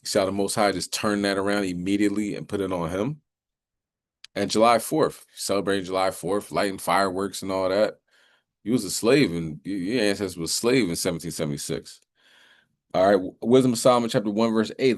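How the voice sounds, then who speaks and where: A man hosting a religious commentary, talking loosely with many fillers and reading scripture slowly and solemnly. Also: low voice, no room sound, studio quality.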